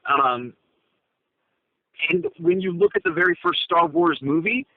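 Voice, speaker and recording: Man, co-host, casual chat, rambling with fillers, slightly high voice, tinny phone line, parked car. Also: big pitch swings, measured pace, no room sound. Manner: rambling, with many fillers and restarts.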